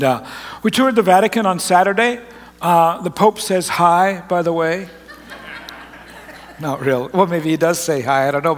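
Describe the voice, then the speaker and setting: A man preaches in a folksy, chatty way, breaking off and restarting as he tells a story. His voice sits a bit high for a man. The sound carries the long reverb of a large church auditorium. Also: a bit bright. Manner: folksy, rambling, self-interrupting. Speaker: pastor. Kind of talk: sermon with personal story.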